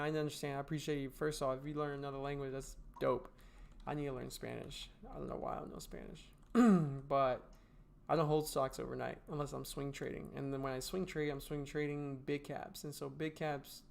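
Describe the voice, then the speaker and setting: A man's voice: on the high side, vocal fry, slight background noise. A man streaming while gaming, chatting casually with viewers, swearing, laughing, and giving blunt trading advice. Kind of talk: casual livestream chat answering viewer questions.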